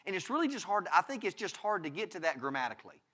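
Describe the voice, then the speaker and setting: A man preaches from a church pulpit, his fairly high voice bright and forceful. He talks emphatically, doubling back on his words and tossing rhetorical questions to his listeners. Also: very animated, fast talker. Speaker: pastor. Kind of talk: sermon.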